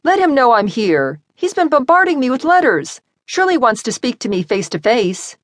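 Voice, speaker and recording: A fiery young woman, forceful and quick to shout, her voice pushed up high and loud, as a woman narrator puts her on. She is the spirited heroine of an audiobook romance, read in a dry booth with no echo. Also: sing-song. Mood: angry.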